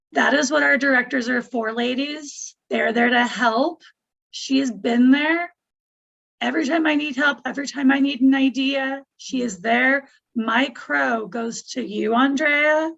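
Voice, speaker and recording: A woman's voice: high voice, unhurried, vocal fry, a bit bright, dull audio. A woman on a team call, speaking a heartfelt tribute while close to tears. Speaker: team member.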